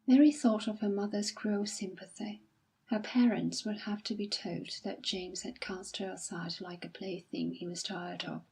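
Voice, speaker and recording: Woman audiobook narrator, soft measured delivery, breathy timbre. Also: medium pitch, fairly even intonation. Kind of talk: scripted narration.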